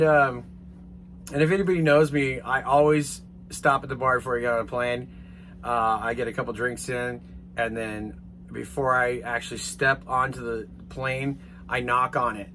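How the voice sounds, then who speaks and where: A bright, forceful-sounding man tells a rambling story in a casual, animated way, swearing now and then. His voice sits at an ordinary pitch, and a faint hum runs under the recording. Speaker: vlogger.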